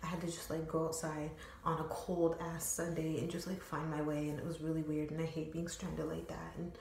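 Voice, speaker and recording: A young woman tells a story from home in a loose, rambling way. She swears freely and fills her talk with slang. Her voice sits on the low side, and the room gives it a noticeable echo. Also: little pitch movement, a little fast, vocal fry, a little mellow, slight background noise. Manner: slangy, profane, filler-heavy rambling. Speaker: storytime vlogger. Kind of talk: casual storytelling. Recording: roomy echo.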